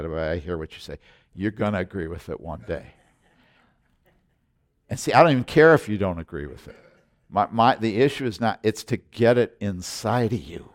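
A man's voice: on the low side, animated, normal speed, pauses often. A middle-aged man preaching a sermon as a pastor, intense and emphatic, with frequent repetitions and restarts.

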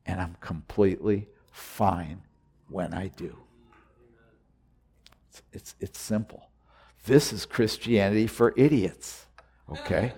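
Male preacher, sermon, slow deliberate delivery, earnest, repetitive, quiet musing rising to loud urging. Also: lowish voice, breathy edge.

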